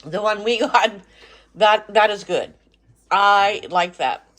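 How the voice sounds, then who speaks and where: A woman's voice: mid-range voice, slow pace, fairly bright tone. Middle-aged woman, home cooking vlog host, enthusiastic casual chatter. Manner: chatty, enthusiastic, talks with mouth full. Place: home kitchen.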